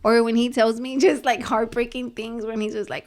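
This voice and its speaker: A woman's voice: fairly high pitch, normal speed. A young woman co-hosting a podcast, chatting candidly and mixing in Spanish phrases. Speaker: podcast co-host. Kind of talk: casual chat.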